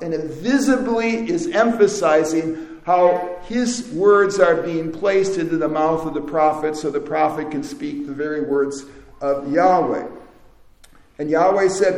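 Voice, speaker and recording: A man's voice: a little high, a little mellow. Man lecturing on scripture in an echoey room. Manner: reads verses aloud then comments, with small restarts. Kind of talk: lecture reading and explaining scripture.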